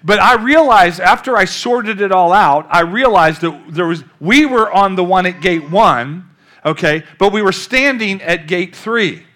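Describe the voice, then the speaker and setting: Older male pastor, high bright voice, animated storytelling sermon. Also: a little slow. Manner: storytelling, animated, calls out to the congregation.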